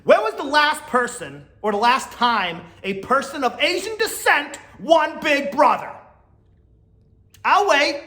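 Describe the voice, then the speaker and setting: Man, blunt casual commentary, high voice, echoey room. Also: pushed and bright. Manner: blunt, exasperated, laughs often. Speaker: podcast host.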